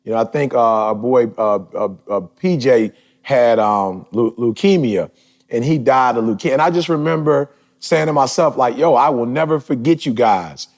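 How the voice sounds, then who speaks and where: A man in his forties hosting a podcast, talking casually and emphatically, his voice building toward shouts. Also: medium pitch, normal speed. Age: 40s. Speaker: podcast host.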